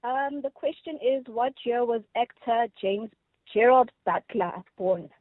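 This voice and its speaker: A woman's voice: fairly high pitch, measured pace, no echo, phone-quality sound. A woman calling in to a radio quiz, giggly and unsure. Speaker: caller. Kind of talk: radio phone-in.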